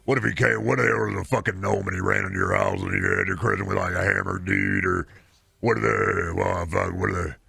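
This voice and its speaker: A man's voice: low voice, brisk, gravelly, sharp tone, slightly rough, no room sound, heavily acted. A man voicing a rambling, rowdy country-boy chatter who drawls out strange pushy questions. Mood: goofy.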